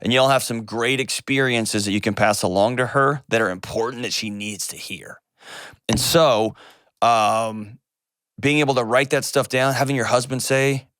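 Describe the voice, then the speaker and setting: A man, hosting an advice call-in show and answering a caller in an earnest, gentle way. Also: medium pitch, moderate pace, dry recording, studio quality. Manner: earnest and gentle, shifts pace often.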